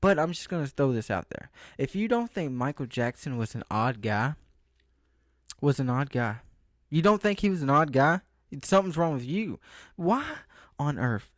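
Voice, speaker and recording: A man's voice: a little high, animated, moderate pace, no room sound. Rambling young man, dry close sound. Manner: rambling, loses his train of thought, self-interrupting. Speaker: vlogger. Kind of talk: casual rambling vlog monologue.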